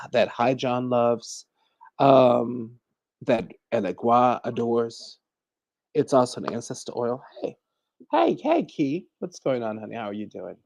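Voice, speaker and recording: Gravelly, husky-voiced man hosting a livestream. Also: medium pitch, mellow, dry recording. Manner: chatty, greets viewers by name, calls everyone honey. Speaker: livestream host and conjure teacher. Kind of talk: casual livestream chat and teaching.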